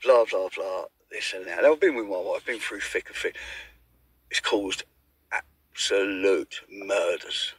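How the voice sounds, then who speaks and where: A man recounting his own troubles in a halting, stumbling way, repeating words as he goes. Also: low voice, breathy edge, no room sound, poor audio. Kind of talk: confessional personal account.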